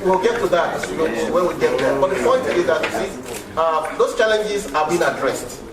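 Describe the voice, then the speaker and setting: A man's voice: fairly high pitch, animated, normal speed. A man on a panel at a film event, talking emphatically and repeating words. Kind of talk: panel discussion remarks. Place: large hall at a film event. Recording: echoey hall from far off with noise.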